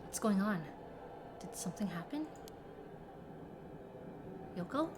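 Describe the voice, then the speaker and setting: A woman streaming a horror game, reading the dialogue aloud and reacting dramatically. She swings between hushed whispers and sudden yelps. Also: medium pitch, animated, slow pace, background noise.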